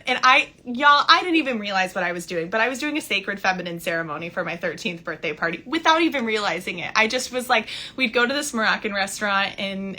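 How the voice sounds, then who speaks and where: A bright, lively woman in her thirties talks to her viewers on a casual live stream from her phone. She speaks as a spiritual coach, warm and enthusiastic and quick to laugh. Her tone has a clear, ringing brightness. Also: medium pitch. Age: 30s.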